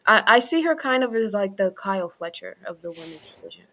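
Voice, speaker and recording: A woman with a bright, crisp tone explains her wrestling opinions on a casual podcast. She reasons carefully, qualifying her points as she goes, recorded over a video call. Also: medium pitch, big pitch swings, a little fast. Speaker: podcast co-host. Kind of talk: casual wrestling review chat.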